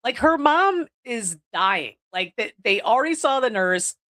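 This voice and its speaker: Very animated and forceful, this woman's bright, higher-pitched voice keeps a measured pace. Hosting a podcast indoors on video, she recaps a horror movie casually, cursing freely and saying "like" throughout.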